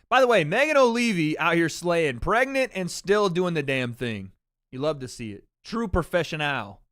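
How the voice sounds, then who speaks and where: Man streaming live, brash and opinionated, bright forceful voice, dry sound, a bit high. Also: big pitch swings, normal speed, no room sound. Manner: brash, opinionated, swears freely. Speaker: livestream watch party host. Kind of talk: casual chat.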